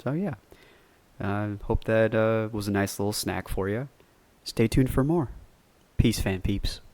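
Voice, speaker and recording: A podcast host with a low male voice tells a story from his own life, meandering and relaxed, dropping the odd curse word. The sound is dry, with no room around it. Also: unhurried, no echo. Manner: rambling, loose, cusses freely. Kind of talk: casual solo storytelling.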